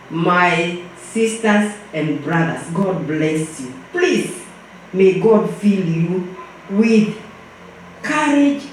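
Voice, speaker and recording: A woman's voice: mid-range voice, a little hiss or hum. An older woman giving an impassioned memorial exhortation, switching between English and Swahili. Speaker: memorial speaker. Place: church hall. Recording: echoey hall, far from the mic.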